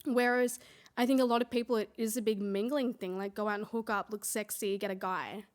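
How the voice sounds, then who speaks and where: A woman's voice: mid-range voice, steady tone, a little fast. A woman, co-hosting a podcast in rambling casual chat, fighting a cough. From Australia. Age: 20s. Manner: chatty, rambling, many fillers. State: has a cough. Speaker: podcast co-host.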